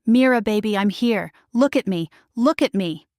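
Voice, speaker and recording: A woman's voice: mid-range voice, expressive, moderate pace, a little mellow, no echo, clean studio sound, close to an everyday voice. A woman voicing a male werewolf alpha who pleads with a breaking voice in an audiobook romance story. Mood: tender pleading.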